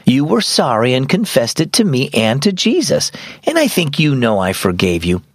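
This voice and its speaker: A man reading a gentle, caring mother. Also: medium pitch, wildly swooping pitch, normal speed, no room sound. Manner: gentle, patient. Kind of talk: storybook reading.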